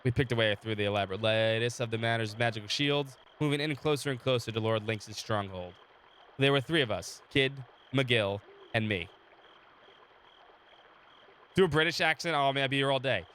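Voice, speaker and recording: Bright-voiced man streaming and narrating a game. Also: mid-range voice, moderate pace, slight background noise. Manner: chatty, talks to chat between readings, laughs often. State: sore throat, recovering from illness. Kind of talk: casual live-stream chat and reading game text aloud.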